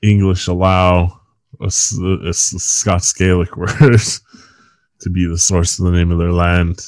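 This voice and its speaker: Man, very low voice, podcast co-host, casual rambling chat, swears a lot, laughs often, dry close recording. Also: level tone, measured pace, darkish tone, no room sound. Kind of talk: casual chat about a film.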